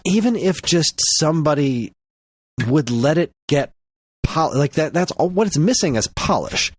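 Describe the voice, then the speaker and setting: A man co-hosting a podcast in casual chat, ranting with animated energy. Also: fairly high pitch, normal speed, no room sound, clean studio sound. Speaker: podcast co-host.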